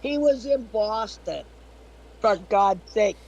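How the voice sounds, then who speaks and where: A man's voice: high voice, lively intonation, takes it slowly, darkish tone, highs cut off. A man joining a casual livestream chat as a guest, upbeat and cheering, swearing freely. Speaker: call-in guest.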